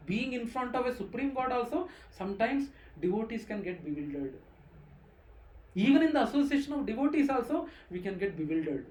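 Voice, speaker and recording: A scripture class teacher talks to a small group. The teacher explains patiently in a mid-pitched voice and keeps checking that listeners follow. The voice bounces around an echoey room.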